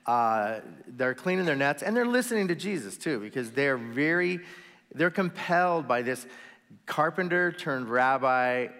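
Guy pastor telling a bible story, chatty with little asides, mid-pitched voice, big church hall with a long echo tail. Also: fairly bright tone. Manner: conversational storytelling with asides and quick put-on voices. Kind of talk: sermon. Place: church sanctuary. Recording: long reverb of a large hall.

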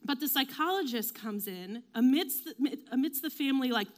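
A woman giving a casual faith talk, chatty and self-deprecating, with lots of fillers and quick acted-out quotes. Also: sits high, animated. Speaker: devotional speaker.

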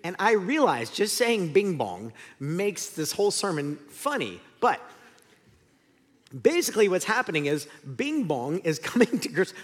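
Pastor guy preaching, voice jumps around a lot, kinda high, echoey hall. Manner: candid, self-deprecating storyteller. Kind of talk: sermon. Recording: long hall reverb.

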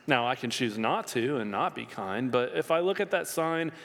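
A man preaching a sermon as pastor, telling the story with lively swings in his voice. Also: mid-range voice, moderate pace. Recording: long reverb of a hall.

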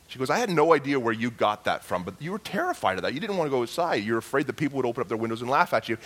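A middle-aged male pastor preaching a sermon, telling a personal story with emotional swings from hushed murmurs to loud cries. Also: mid-range voice.

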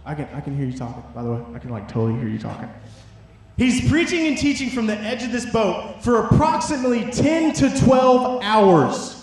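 A young man preaching a casual youth sermon, telling a story with jokes and lots of "like". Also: high voice. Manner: animated storytelling, jokey asides, lots of "like". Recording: very echoey room.

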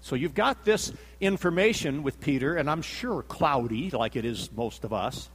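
A man's voice: a little high, lively intonation, moderate pace, slightly rough, long reverb tail. A man preaching a sermon, telling the story dramatically, acting out the quotes and repeating himself for emphasis.

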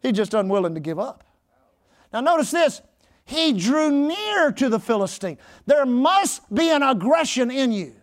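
A male pastor preaching an emphatic sermon, often shouting his exhortations. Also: extremely high pitch, big pitch swings, measured pace.

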